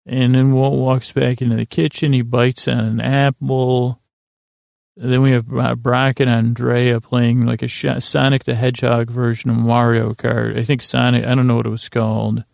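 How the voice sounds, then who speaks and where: Gravelly man, flat delivery, halting bedtime recap with dry asides, close and dry. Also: mid-range voice, dry recording. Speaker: podcast host retelling a TV episode as a bedtime story.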